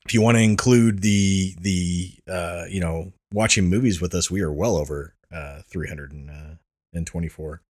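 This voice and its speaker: A man's voice: low voice, normal speed, a little mellow, no echo, clean studio sound. A man hosting a podcast, telling stories in a rambling way and laughing at himself often. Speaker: podcast host. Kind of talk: casual chat.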